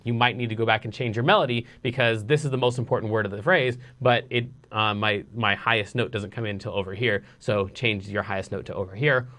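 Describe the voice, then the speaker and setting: Chill guy teaching songwriting online, rambly, middle pitch, lots of ums. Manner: relaxed and rambling, many ums and restarts; sings nonsense syllables to show rhythm. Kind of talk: casual online lesson.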